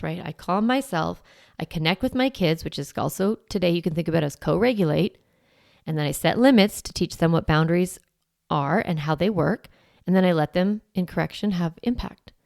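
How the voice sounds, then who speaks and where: A woman in her forties hosts a parenting podcast in a chatty, coaching tone. Her voice carries a gravelly fry at the ends of phrases. The sound is close and dry, with no room around it. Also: lowish voice, a little mellow, dry recording. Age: 40s. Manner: conversational and reassuring, often asking "right?". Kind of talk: solo podcast teaching.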